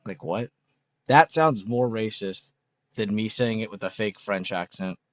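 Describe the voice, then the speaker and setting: A man with a lowish voice chats casually on a livestream from a home setup. He jokes loosely, swears now and then and laughs at his own jokes. The sound is dry and close to the mic. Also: a little slow, fairly bright tone, dry recording. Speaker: livestream host. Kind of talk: casual livestream chat reading viewer comments.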